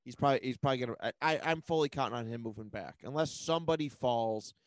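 A man co-hosting a casual sports podcast, animated and quick to laugh. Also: mid-range voice, no echo. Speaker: podcast co-host.

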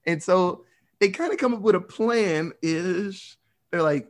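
A man's voice: sits high, measured pace. Rambling, swearing man recapping a film. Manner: rambling, swearing, laughing storyteller. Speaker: podcast host. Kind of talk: casual movie recap.

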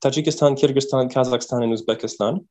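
A man from Quebec, a podcast guest telling travel stories in a casual, animated way, often repeating words as he thinks. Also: medium pitch, fast talker, poor audio. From Quebec, Canada. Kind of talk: casual interview storytelling.

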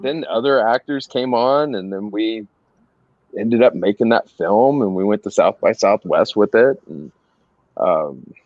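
A middle-aged man casually telling anecdotes as a guest, animated and laughing as he goes. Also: fairly low pitch, unhurried, no room sound. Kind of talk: casual storytelling. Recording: dry, slightly dull sound.

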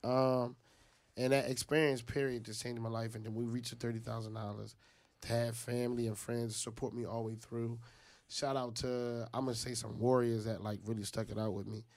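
A man speaks at an everyday middle pitch, with a rough, gravelly edge in his voice. He tells a personal story in relaxed conversation. He slips into the voices of the people in it as he goes. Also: brisk. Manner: animated, acts out other people's lines. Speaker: guest telling a personal story. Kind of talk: casual storytelling.

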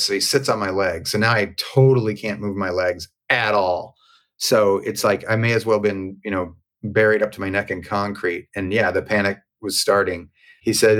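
An interview guest speaks in a fairly low voice at a moderate pace. He tells a personal story candidly and conversationally, animated throughout and acting out the quoted dialogue.

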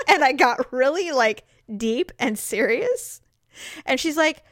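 A woman's voice: high voice, expressive, a little slow, fairly bright tone, dry recording, clean studio sound. A woman in her thirties chatting casually as co-host, telling stories animatedly and acting out quotes with laughs. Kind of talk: casual chat, storytelling.

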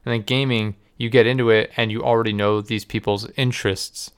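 A man's voice: lowish voice, steady tone, brisk, clear, resonant tone. A man hosting a casual chat, rambling and hesitant, full of fillers.

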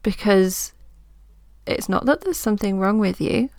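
A woman coach hosting her own podcast, talking through ideas in a gentle, reassuring way, as if thinking aloud. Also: mid-range voice, unhurried, no echo, clean studio sound. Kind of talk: reflective solo podcast talk.

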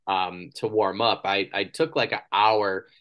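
A podcast host in his thirties with a lowish voice speaks a little slowly on a lo-fi recording. He chats casually in an interview format, telling stories animatedly and acting out the people he quotes.

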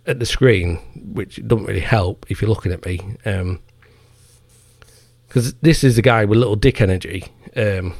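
A man's voice: medium pitch, darkish tone, no room sound, clean studio sound. A man hosting a podcast, ranting in a profane, heated and mocking way. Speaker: podcast host. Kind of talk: ranting commentary.

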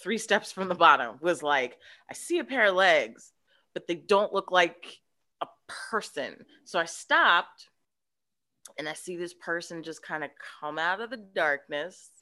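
A woman appears as a guest on a podcast, her lowish voice moving at a measured pace. In casual conversation she animatedly recounts a childhood story, acting out the voices of the people in it.

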